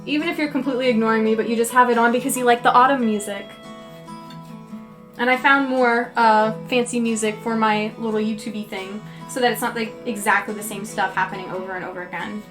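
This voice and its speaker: Young woman, high voice, chatty and rambling, lots of fillers; casual livestream talk over faint folk guitar. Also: fairly even intonation, fast talker. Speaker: livestreaming painter. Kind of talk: casual chat while painting on a livestream. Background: soft guitar folk music.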